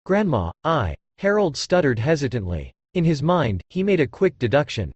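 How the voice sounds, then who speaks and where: A man narrating an audiobook in a steady, scripted reading. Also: fairly high pitch, normal speed, slightly rough, no room sound, lo-fi sound.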